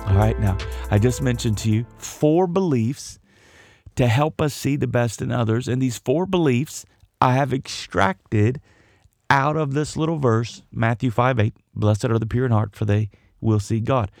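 A man's voice: medium pitch, measured pace, a little mellow, no room sound, clean studio sound, soft background music. A male pastor preaching a sermon, building rhythmic lists of repeated phrases and chuckling now and then.

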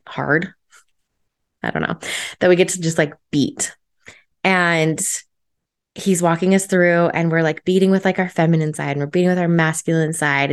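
A woman hosting a podcast, telling a personal story in a chatty, enthusiastic way with lots of filler words. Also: lowish voice. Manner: chatty, filler-heavy with frequent "like"; enthusiastic, energetic. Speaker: podcast host.

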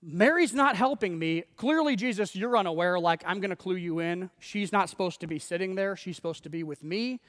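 A man's voice: high-pitched, animated, moderate pace, long pauses, big-room sound. A man voicing an exasperated, bossy woman complaining indignantly to Jesus, as a quote in a sermon.

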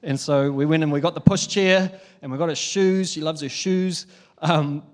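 A young New man preaching a sermon, telling a family story in a lively, chatty way with frequent laughs. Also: a little high, moderate pace. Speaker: pastor.

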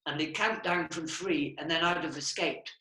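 A man's voice: on the high side, moderate pace, pushed and bright, echoey room, rough recording. A man casually reminiscing about a stage routine, playful and self-mocking. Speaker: former stage partner, performer.

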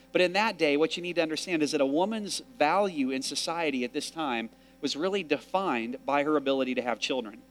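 A pastor preaching a sermon, telling a Bible story with animated delivery and acted-out quotes. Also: male voice, fairly high pitch.

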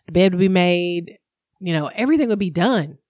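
A woman in casual conversation, candidly telling a personal story in an animated way. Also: on the low side, fairly quick, dry recording, clean studio sound. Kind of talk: casual chat.

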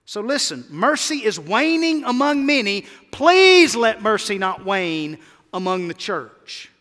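High, bright-voiced preaching man. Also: sing-song, slow pace. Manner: emphatic, calls for congregation responses. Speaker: pastor. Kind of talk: sermon. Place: church sanctuary. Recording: long hall reverb.

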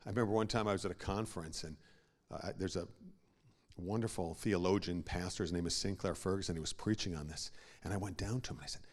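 A man preaching a sermon as a pastor, swinging from hushed asides to loud, emphatic peaks and repeating words as he builds a point. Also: deep voice, fast talker.

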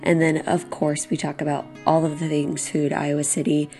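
A woman's voice: deep voice, little pitch movement, normal speed, mellow, faint music behind. A young woman hosting a casual podcast, chatty, laughing often and saying "like" a lot. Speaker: podcast host.

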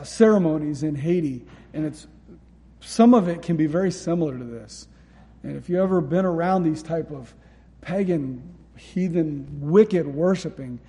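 In a warm, high voice that echoes like a large hall, this pastor delivers a sermon and reads from scripture. His manner is earnest, and he leans on repetition to drive home key points.

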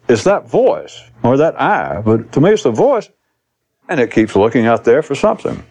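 A man's voice: mid-range voice, very animated, normal speed, a little mellow, breathy edge. A man giving a recorded spiritual talk to an audience, rambling and blunt, swearing casually as he teaches.

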